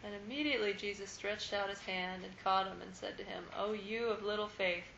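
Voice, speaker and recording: A woman reading scripture aloud at a Bible study in a steady, measured way. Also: mid-range voice, gravelly. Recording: echoey room, muffled lo-fi sound, faint background noise.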